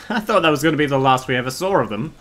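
Brief: male streamer, sarcastic banter, animated pitch, laughs a lot. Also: fast talker. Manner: joking, sarcastic, laughs often, swears. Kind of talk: casual gameplay commentary.

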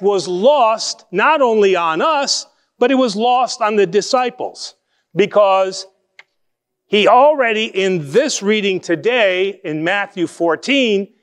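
A man with a high voice preaches a sermon in a conversational way. He poses rhetorical questions to his listeners and slows down to stress key phrases before speeding through asides. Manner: lively shifts between quick and slow emphatic phrasing. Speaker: pastor.

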